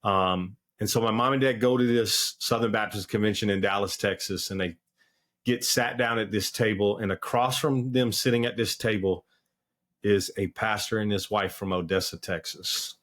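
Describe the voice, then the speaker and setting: A man's voice: fairly low pitch, fairly even intonation, moderate pace, a bit bright. A man as a podcast guest, telling his personal testimony in an earnest, candid way with plenty of fillers. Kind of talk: personal testimony in casual conversation.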